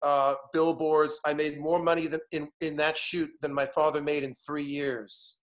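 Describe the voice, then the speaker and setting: Animated man telling a story. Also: on the high side, moderate pace. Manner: animated, acts out voices in his anecdotes. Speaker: guest. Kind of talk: casual storytelling chat.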